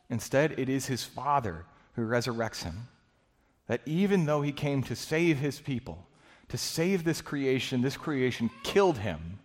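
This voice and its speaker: Preaching man in a reverberant hall. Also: medium pitch. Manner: earnest, conversational preaching with restarts and dramatized quotes. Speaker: pastor. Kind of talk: sermon.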